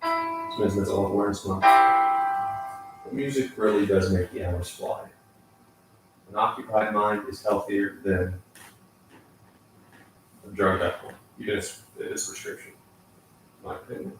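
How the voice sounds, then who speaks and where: A man's voice: on the low side, unhurried, long pauses. A man vlogging his piano practice, reading lesson text aloud and adding sarcastic asides. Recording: echoey room, mic far off, piano in background.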